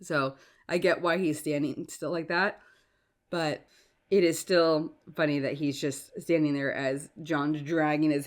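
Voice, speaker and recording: A woman with a low voice hosts a casual solo podcast while sick with a cough and sore throat. She's chatty and stumbles over her words.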